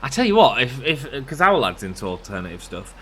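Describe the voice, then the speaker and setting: A man's voice: mid-range voice, big pitch swings, a little fast, fairly bright tone, a little hiss or hum. Chatty man rambling over gameplay. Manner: rambling, chatty, oversharing anecdotes. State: sick. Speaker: gaming channel host. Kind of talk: casual let's play commentary.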